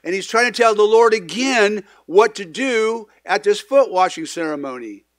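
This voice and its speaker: A high-pitched man with lively intonation preaches at a moderate pace, an earnest pastor offering a casual sermon in a church sanctuary. He keeps it conversational, with frequent restarts and asides, and bursts into sudden loud emphasis when acting out quoted lines. Audio is studio quality, no room sound.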